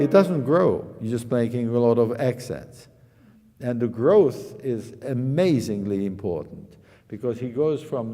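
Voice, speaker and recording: A man teaching a piano master class, singing musical phrases on syllables to show the playing, often repeating words and restarting sentences. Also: medium pitch. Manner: sings phrases on syllables to demonstrate. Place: concert hall. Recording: reverberant hall with loud piano.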